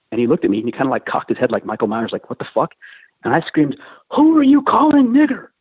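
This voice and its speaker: A man's voice: medium pitch, slightly rough, no room sound. A middle-aged man casually telling a crude, profane story, acting out the other people in it. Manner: crude, profane, animated anecdote with quoted voices. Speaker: podcast host telling a war story. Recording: phone-like, narrow band, dry.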